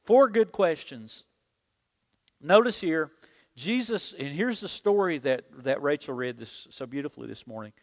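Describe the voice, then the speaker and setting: An unhurried pastor with a fairly high-pitched voice preaches an animated sermon. Inside a church sanctuary, under long hall reverb, he leads the congregation in call-and-repeat prayer.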